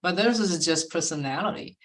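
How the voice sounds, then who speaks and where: A woman hosts a casual talk show in a very low voice. She speaks softly in halting phrases and breaks in often with short affirmations. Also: lively intonation, a little hiss or hum. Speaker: podcast host. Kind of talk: casual chat.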